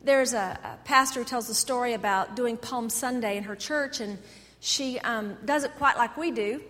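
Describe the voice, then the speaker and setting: Woman pastor preaching, high voice, long church echo, goes loud then soft. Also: normal speed. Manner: animated storytelling, swings between loud and soft. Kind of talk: sermon. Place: church sanctuary. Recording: echoey church hall.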